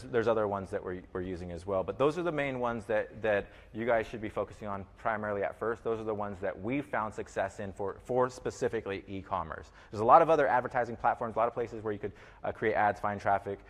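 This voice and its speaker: Rambling man teaching in an echoey room. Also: mid-range voice. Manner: rambling, repeats himself, many fillers and restarts. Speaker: e-commerce teacher. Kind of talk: informal teaching talk.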